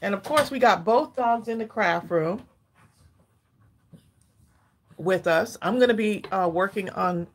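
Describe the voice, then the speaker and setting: A woman's voice: medium pitch, normal speed. Breathless woman hosting a craft stream. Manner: chatty, addresses viewers as y'all. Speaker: craft channel host. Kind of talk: casual live-stream chat. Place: home craft room.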